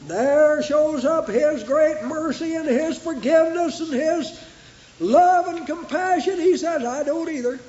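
A man preaching a sermon with fervent, rhythmic repetition that rises into shouts. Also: very high-pitched, slow. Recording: echoey, dull lo-fi recording.

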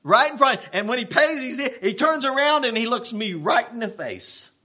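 A man preaching a sermon, telling a story in an animated, worked-up way with plenty of restarts. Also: very high voice, normal speed. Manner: folksy, animated, getting worked up.

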